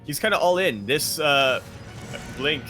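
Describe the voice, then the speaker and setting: A man calls a live video game match in a bright, forceful voice, moving from dry wit to quick analysis of the play. Faint music runs underneath. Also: a little high, expressive. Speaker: esports caster.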